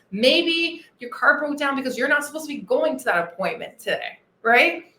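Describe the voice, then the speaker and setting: A woman's voice: high voice, animated, fairly quick, sharp tone, echoey room. A woman weight-loss coach hosting a motivational podcast monologue, enthusiastic and earnest, repeating her key phrases.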